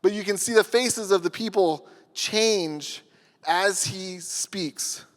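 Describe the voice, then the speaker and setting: Earnest high-voiced man in an echoing hall. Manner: earnest, storytelling with pauses. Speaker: workshop speaker. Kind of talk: conference workshop talk.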